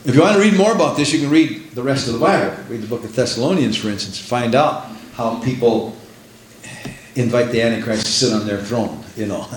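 A man's voice: mid-range voice, brisk, slight background noise. A man preaching a sermon, emphatic, repeating phrases for effect. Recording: roomy echo.

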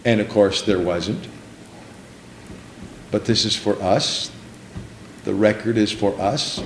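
A man's voice: fairly low pitch, slow pace, long pauses. A man preaching a sermon, repeating lines for emphasis and calling for responses from the congregation. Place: church sanctuary. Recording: echoey room.

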